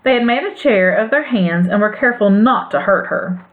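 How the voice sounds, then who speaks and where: A woman narrating a classic storybook aloud in an expressive, lilting way. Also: mid-range voice, normal speed. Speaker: audiobook reader. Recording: phone-like narrow band sound.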